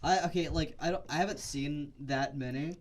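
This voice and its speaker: A man's voice: on the high side, moderate pace. Hesitant man stammering in casual chat. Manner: hesitant, stammering, asks questions. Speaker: podcast co-host.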